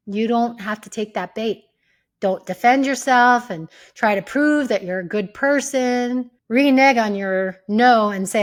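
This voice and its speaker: A woman hosting an advice talk, speaking in a calm, measured way and acting out sample replies. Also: mid-range voice. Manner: calm, measured, acts out sample lines with shifts of tone. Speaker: host.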